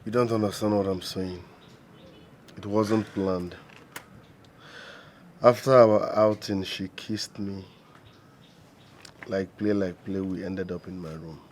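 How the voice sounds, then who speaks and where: A deep, slow, calm man. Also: a little hiss or hum. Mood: defensive. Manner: calm, defensive. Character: calm young man explaining himself. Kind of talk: film drama acting.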